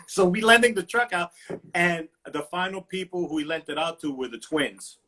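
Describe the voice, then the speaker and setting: A man's voice: high-pitched, normal speed, pushed and bright. A man hosting a casual livestream chat, telling a profane story and acting out the quotes with lots of energy. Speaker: host. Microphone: livestream phone mic.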